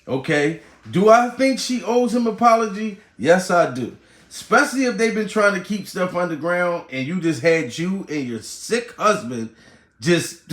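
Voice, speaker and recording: A man's voice: a little high, roomy sound. A man giving blunt, joking, profane commentary on a live stream as he reacts to clips. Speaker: YouTube commentator.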